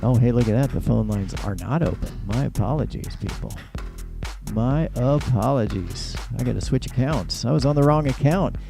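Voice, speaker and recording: Gravelly rambling male call-in host. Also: medium pitch, moderate pace, over music. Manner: rambling, self-mocking. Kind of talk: rambling comedic call-in show.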